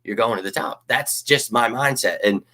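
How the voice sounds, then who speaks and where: A young man hosting a fan channel, talking in a casual, rambling, animated way with lots of fillers and sudden shouted bursts. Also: mid-range voice, moderate pace. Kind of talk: casual livestream talk.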